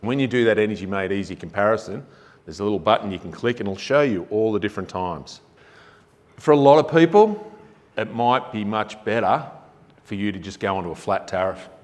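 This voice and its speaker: Low-voiced Australian man in a reverberant hall. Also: expressive, a little fast. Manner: conversational and emphatic, rhetorical questions. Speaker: energy efficiency presenter. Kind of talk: public forum talk. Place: forum venue hall.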